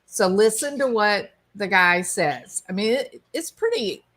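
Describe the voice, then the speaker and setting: A woman's voice: mid-range voice, lively intonation, a little slow, a bit bright. A woman hosting a casual video commentary, chatty and amused as she explains a clip. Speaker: commentary show host.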